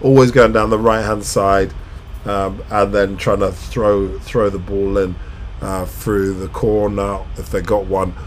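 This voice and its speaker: A man reacting live to a football match, shouting at the action, then chatting casually through a recap of the game. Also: on the low side, flat delivery, a little slow, slight background noise. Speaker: live football watch-along commentator. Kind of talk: casual post-match analysis.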